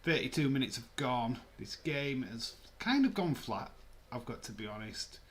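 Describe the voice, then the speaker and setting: A man hosting a livestream, giving relaxed, chatty commentary and reactions while watching a match. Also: medium pitch, normal speed. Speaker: livestream host. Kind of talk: casual live match commentary.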